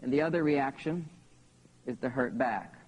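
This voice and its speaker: A man's voice: medium pitch, normal speed, low-quality recording. A man in his thirties tells personal stories in a live seminar talk to an audience, often checking in with "okay?". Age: 30s. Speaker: seminar speaker.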